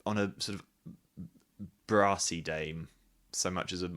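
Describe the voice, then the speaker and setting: A man talking in a fairly low voice with a bright, forceful edge. He chats freely as an interview guest, thinking aloud and often restarting his sentences. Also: steady tone, measured pace. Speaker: guest, pantomime actor. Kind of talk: casual interview chat.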